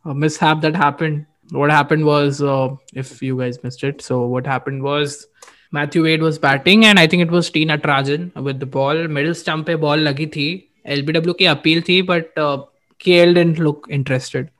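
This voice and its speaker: A man's voice: fairly high pitch, normal speed. A man with an Indian English accent co-hosting a casual cricket chat, slipping Hindi phrases into his English as he tells stories. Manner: mixes Hindi into English, animated storytelling. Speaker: podcast co-host.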